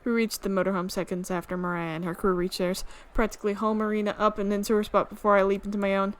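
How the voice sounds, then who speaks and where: A woman streamer reading a visual novel aloud, amused and quick to laugh. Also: medium pitch, little pitch movement, clear, resonant tone. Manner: amused, reads with frequent laughs.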